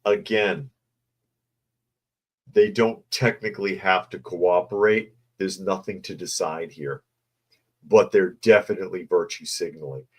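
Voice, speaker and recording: A man's voice: low voice, darkish tone. Casual news-commentary host, man, sarcastic and mocking asides. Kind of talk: casual news commentary, reading articles and chat.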